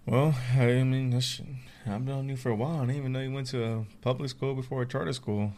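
A man's voice: medium pitch, fairly even intonation, fairly quick, a little mellow. A young man hosting a casual chat, asking questions and teasing his friend in loose slang. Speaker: podcast host.

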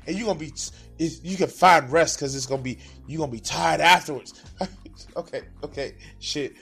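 A man's voice: high voice, moderate pace, gravelly, pushed and bright, soft background music. A man with a slightly raised voice chats loosely and heatedly as he reacts to clips. He swears freely and laughs often. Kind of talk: casual chat.

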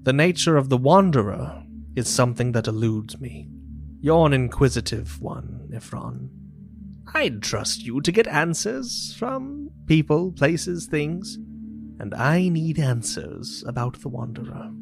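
A man voicing a grave, weary male higher power who speaks in a measured, slow way, with music behind. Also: big pitch swings, vocal fry, heavily acted. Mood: weary, musing. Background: ambient music with singing bowl.

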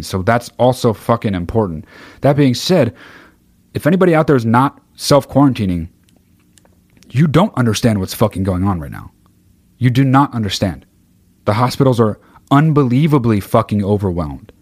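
A man on a livestream, venting hard and cursing in nearly every line, his voice jumping into loud shouts. His pitch sits in an ordinary middle range for a man. The sound is dry and close, with no room echo. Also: animated, moderate pace. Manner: heated, swears constantly, bursts of shouting. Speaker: livestreamer reading chat. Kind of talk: profane livestream rant.

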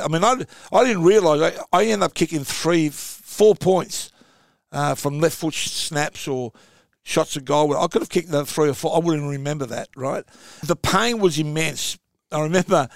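A man's voice: on the high side, vocal fry, no echo, studio quality. A man in his sixties with an Australian accent, telling rambling stories as a podcast guest, full of fillers and asides. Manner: rambling anecdotal storyteller, many fillers. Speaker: guest, former footballer. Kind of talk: casual podcast chat.

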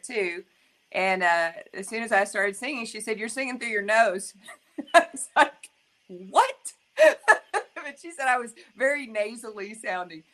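A woman's voice: mid-range voice, a bit bright. A middle-aged woman from Arkansas, a singer chatting as an interview guest in a friendly way. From Arkansas, USA. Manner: friendly, chatty, laughs easily. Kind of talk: interview answers.

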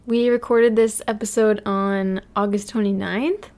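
Slow-talking giggly woman podcaster. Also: mid-range voice, steady tone, a little mellow. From United States. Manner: giggly, chatty, drawn-out delivery. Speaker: podcast co-host. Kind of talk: casual chat.

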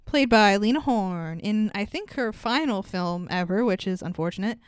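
A woman's voice: medium pitch, moderate pace, clean tone, dry recording, studio quality. A woman co-hosting a podcast, chatting casually and profanely about a film, laughing often. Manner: profane, laughing, animated storytelling. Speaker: podcast co-host. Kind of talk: casual movie review chat.

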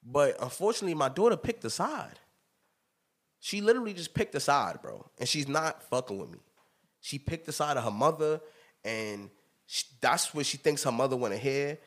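A man in his thirties hosting a podcast, telling stories in an emphatic, animated way with plenty of laughter. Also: fairly high pitch, moderate pace. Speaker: podcast host. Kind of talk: casual chat.

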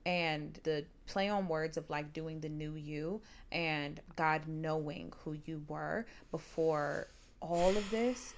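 Young woman cohost, really low voice for a girl, emphatic, says period a lot. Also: slow. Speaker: podcast co-host. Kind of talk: casual chat.

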